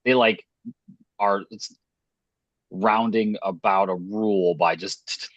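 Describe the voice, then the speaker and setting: A man's voice: on the low side, steady tone, takes it slowly, no room sound. A man joking around as a player at a tabletop game, swearing and laughing often, on a dull lo-fi microphone. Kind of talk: casual banter at a tabletop game.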